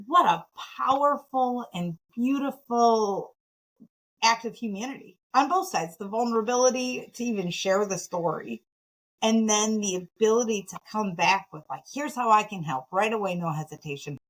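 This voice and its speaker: Woman from Michigan, interview guest; mid-pitched, lively, self-mocking storyteller. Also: normal speed, rough recording. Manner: animated, self-deprecating, laughs often. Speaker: podcast guest, nonprofit founder.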